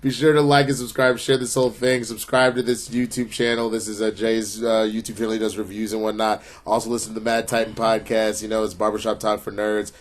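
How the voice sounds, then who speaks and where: A man hosting a casual review chat who tells stories in an animated, profane, joking way. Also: fairly low pitch, brisk, hardly any pauses. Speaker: show host.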